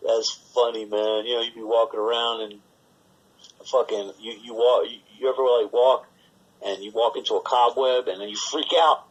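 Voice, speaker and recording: A man with a mid-pitched, husky voice who rambles through profane stories on a podcast. He slips into little voices for the characters and laughs along the way. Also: steady tone, unhurried, long pauses, poor audio. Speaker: podcast co-host. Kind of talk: casual storytelling chat.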